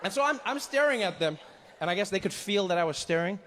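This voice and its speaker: Male stand-up comic, lively storyteller, fairly high voice, live room with audible crowd and hiss. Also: quick pace, long reverb tail. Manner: animated, acts out characters. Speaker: stand-up comedian. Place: live comedy stage. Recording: live show with audience noise.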